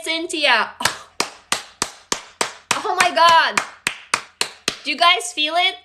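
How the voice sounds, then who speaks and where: A woman with a high voice hosts a casual livestream from her phone. She reads viewers' stories aloud and then gushes at her audience between them, swearing freely. Her tone is bright and sharp. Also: extremely slow, pauses often. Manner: excitable, gushing and freely swearing. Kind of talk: casual livestream chat and story reading.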